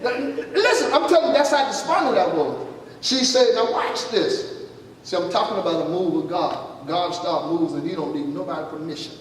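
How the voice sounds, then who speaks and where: A high-pitched man preaches a testimony, playing out each voice in his story and checking in with the congregation. He sounds distant, caught from across a church hall with a long, booming reverb and a faint hiss underneath. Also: expressive, normal speed. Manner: storytelling, acting out dialogue, calls out "you listening?". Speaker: pastor. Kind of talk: testimony sermon. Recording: echoey hall from far off, faint noise.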